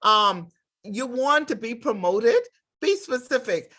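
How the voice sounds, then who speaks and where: A woman's voice: a little high, animated, takes it slowly, sharp tone. Middle-aged woman, direct instructor, emphatic lecture delivery. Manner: emphatic, direct, acts out workplace dialogues. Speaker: nursing instructor. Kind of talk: lecture with acted examples.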